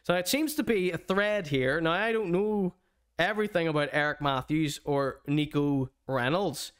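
A man's voice: on the high side, moderate pace, clear, resonant tone. A man hosting a streamed show, giving a mocking, theatrical comedic rant.

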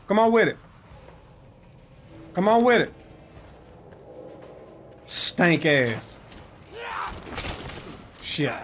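Let's-play host, man, profane trash talk at the screen, high animated voice. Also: slight background noise. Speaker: gameplay commentator. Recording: game audio and music under voice.

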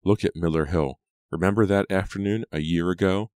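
Vengeful teenage girl for an audiobook, cold and taunting, voiced by a deep-voiced man in a dry booth. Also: fairly quick, a little mellow, dry recording, lightly acted.

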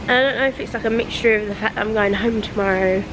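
A woman's voice: mid-range voice, steady tone, fast, noisy background. A young woman vlogging casually, chatty and openly emotional as she talks to camera. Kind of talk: casual travel vlog.

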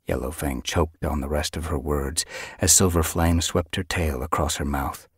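A man narrating an audiobook in an expressive storytelling manner, recorded in a studio. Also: very deep voice, moderate pace, husky, no room sound. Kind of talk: scripted narration.

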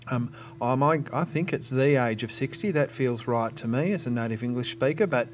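A man's voice: mid-range voice, moderate pace. A man, a teacher patiently explaining test strategies to students and thinking aloud with small restarts.

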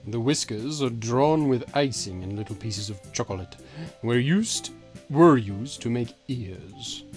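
A man co-hosting a let's play, reading game text aloud and dropping dry, deadpan quips. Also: medium pitch, a little slow, soft background music.

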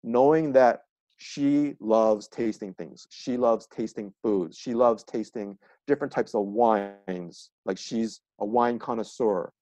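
A man's voice: lowish voice, takes it slowly, warm tone, dry recording. A man appearing as a coach guest on a podcast, explaining earnestly and with examples in a casual chat.

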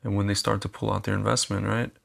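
A man's voice: on the low side, level tone, fast talker, vocal fry, a bit bright. A man talking casually straight to his viewers as a commentator, chatty, repeating phrases and calling them his friends. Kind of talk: casual direct-to-camera monologue.

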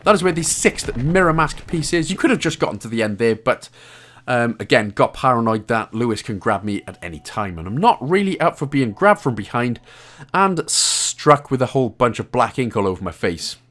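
A man's voice: medium pitch, sing-song, moderate pace, fairly bright tone. A Welsh man hosting a game walkthrough, talking casually and joking with a laugh here and there. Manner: chatty, jokey, laughs often. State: out of breath. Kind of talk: casual gameplay commentary.

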